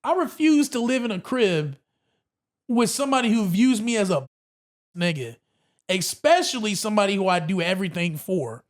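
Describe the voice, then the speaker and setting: A man guest on a podcast, telling a story in a casual, animated way and acting out what others said. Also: high-pitched, moderate pace. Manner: animated, acts out quotes, says bro a lot.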